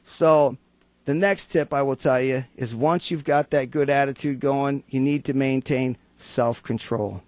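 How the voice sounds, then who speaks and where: A man's voice: medium pitch, steady tone, a little slow, darkish tone, dry recording. A man hosting a motivational radio talk show, telling everyday stories and acting out the people in them for laughs. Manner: storytelling, acts out quoted voices for humor. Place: radio studio.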